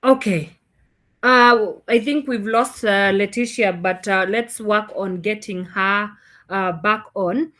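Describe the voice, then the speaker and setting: Woman, radio host, mid pitch, halting delivery with fillers. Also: steady tone, fairly bright tone. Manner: loose, halting, with many fillers. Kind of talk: live radio talk show hosting. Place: radio studio.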